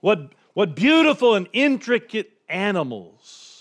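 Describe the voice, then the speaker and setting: A man's voice: high voice, sing-song, measured pace, pitched above the performer's own voice, full character voice. A preacher voicing an awestruck man marveling at nature. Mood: admiring.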